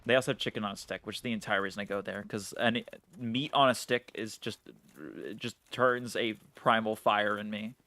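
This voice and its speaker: A man's voice: fairly low pitch, fairly even intonation, fairly quick, bright, forceful tone. A man streaming a game live, chatting casually in a rambling way, swearing and laughing at himself. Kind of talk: casual live-stream chat while gaming.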